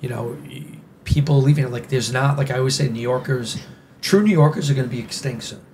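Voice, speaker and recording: A man's voice: medium pitch, quick pace, a little mellow, a little hiss or hum. New York-accented man, rambling and emphatic. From New York City. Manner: rambling and emphatic, with many "you know" and "like" fillers. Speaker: podcast guest. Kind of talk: casual interview conversation.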